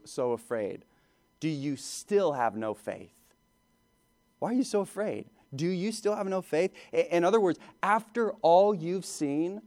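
A man delivers a sermon in a loose, conversational way, stumbling over and repeating words as his thoughts run ahead. His voice sits a little on the high side for a man. He sounds like a pastor talking to his congregation, not reading a script. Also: darkish tone.

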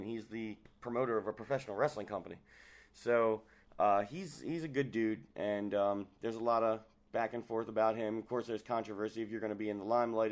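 A man hosting a casual podcast chat, rambling along with many fillers. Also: lowish voice. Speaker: host.

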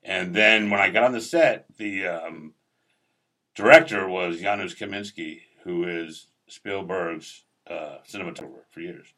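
A man's voice: low voice, unhurried, pushed and bright. A man, an actor, telling a rambling, profane story in casual conversation.

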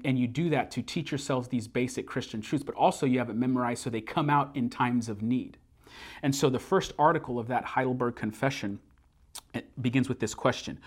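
A man preaching a sermon, earnest and building to emphatic repeated phrases, slowing down to recite a creed. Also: medium pitch. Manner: slows down to recite a memorized creed. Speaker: pastor.

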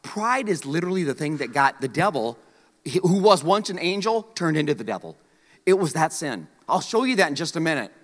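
A man preaching a sermon, telling a story in an animated, joking way. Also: a little high, a little fast, long reverb tail. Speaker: pastor.

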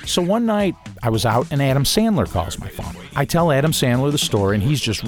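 Man from Ohio recounting a wild true story, lively and conversational, with a mid-range voice. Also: mid-range voice, fairly quick, faint music behind. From Ohio, USA. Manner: animated, acts out quoted lines with a raised voice. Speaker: interviewee telling a personal story. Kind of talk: casual anecdotal storytelling.

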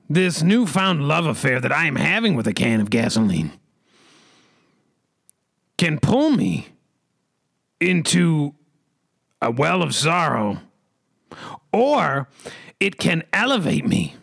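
Bright gravelly man, grandly theatrical. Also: fairly high pitch, dry recording. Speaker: host. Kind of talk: mock-poetic comedic monologue.

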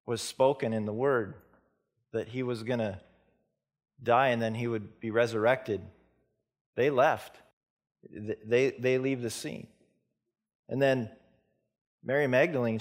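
Man, pastor, sermon, gravelly tone, middle pitch, earnest, repeats words. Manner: earnest preaching with repeated words and soft, slow stretches.

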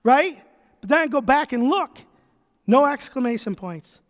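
A man's voice: very high voice, expressive, measured pace. A man preaching a conversational sermon as a pastor, emphatic, repeating phrases and dropping casual asides. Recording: long reverb of a large hall.

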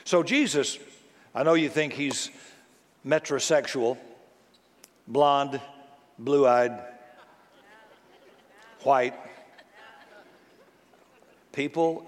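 A man's voice: mid-range voice, drawn-out words, pauses often. A man preaching a sermon to his congregation in a casual, conversational way, often asking the listeners rhetorical questions. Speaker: pastor. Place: church sanctuary. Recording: long reverb of a large church.

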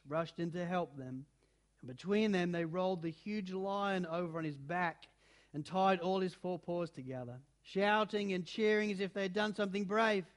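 Male storybook narrator, high-pitched, expressive and dramatic. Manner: expressive, dramatic, shifting between loud and hushed. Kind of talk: storybook reading aloud.

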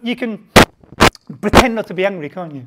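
A woman preaching a sermon in a conversational way, asking many rhetorical questions and swinging from hushed to loud. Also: mid-range voice, expressive, fairly quick. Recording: heavy background noise.

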